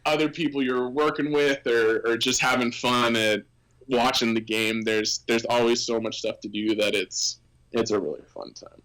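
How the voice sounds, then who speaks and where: Man, mid-pitched voice, casual podcast guest, rambling anecdotes, lots of fillers. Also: moderate pace, low-quality recording. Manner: animated anecdotes with many fillers and restarts. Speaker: former team employee, guest.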